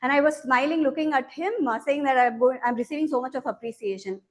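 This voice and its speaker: A young woman with a high voice tells a prepared story at a speaking club. She speaks animatedly and acts out the people she quotes, heard over a video call. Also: fast.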